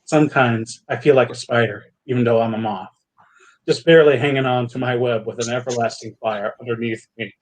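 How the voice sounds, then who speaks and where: A man voicing a gloomy male ship doctor doing a stand-up routine in a tabletop game, with a halting, confessional delivery. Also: medium pitch, fairly even intonation, natural voice, low-quality recording. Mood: brooding.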